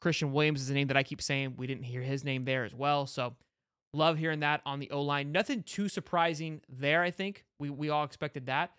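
A man's voice: a little high, fairly even intonation, brisk, a bit bright, smooth, no room sound, clean studio sound. A man hosting a sports podcast in casual, fired-up fan talk, brash and swearing, piling on "like" and restarts.

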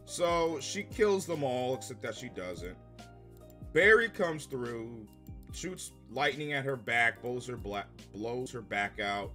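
Bright-voiced man ranting sarcastically. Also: mid-range voice, animated, takes it slowly, faint music behind. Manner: profane, sarcastic, exasperated; bursts into loud laughter. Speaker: TV episode reviewer. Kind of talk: casual ranting review commentary.

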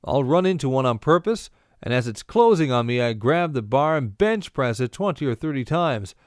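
A man voicing a boastful tough male mouse in a bar joke, with a lively, swaggering delivery. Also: medium pitch, moderate pace, dry recording, studio quality, lightly acted.

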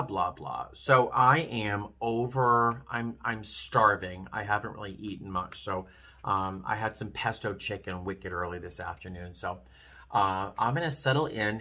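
Middle-aged male vlogger, lowish voice with a bright edge, rambling and emotional, talking straight to camera. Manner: rambling, emotional, self-deprecating. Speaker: flight attendant vlogger. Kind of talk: casual vlog talk to camera.

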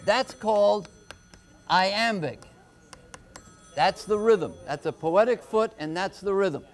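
A man tutoring on a live call-in homework show, explaining poetry slowly and patiently, step by step. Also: high-pitched, a little hiss or hum. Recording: telephone-era broadcast.

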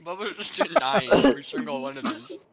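A man co-hosting a podcast, throwing in quick crude quips and laughing in casual chat. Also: high-pitched, expressive, creaky, over a noisy crowd. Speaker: podcast co-host.

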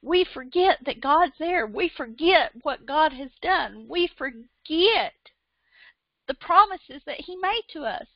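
High-voiced woman preaching with fervor. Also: lively intonation, takes it slowly, dry recording, lo-fi sound. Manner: fervent, emotional preaching with repeated praises. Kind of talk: sermon.

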